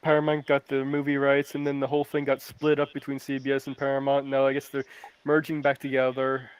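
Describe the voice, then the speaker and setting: A man in casual podcast chat, relaxed and matter-of-fact. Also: medium pitch, fairly quick, clear, resonant tone, rough recording. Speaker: podcast panelist.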